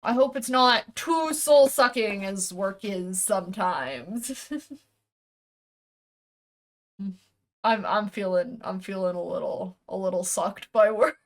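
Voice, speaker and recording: A woman streamer talks to her viewers while opening a package, in a loose, rambling chat. She restarts sentences, corrects herself as she goes, and swears offhandedly. Her voice sits at an ordinary mid-range pitch. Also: takes it slowly, long pauses. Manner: rambling, self-correcting, casually swearing, chuckling.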